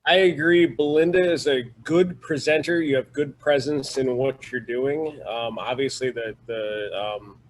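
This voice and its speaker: A man's voice: medium pitch, unhurried, few pauses, a little hiss or hum, poor audio. A man on a video call, talking frankly and joking, sometimes laughing mid-sentence. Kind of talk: casual video call chat.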